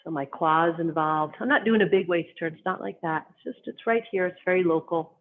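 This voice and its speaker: A qigong instructor calmly guiding students step by step through slow movement and stretching exercises. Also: mid-range voice, a little hiss or hum. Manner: calm, gently instructive, cueing each movement. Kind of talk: guided movement lesson. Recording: tinny phone-like sound.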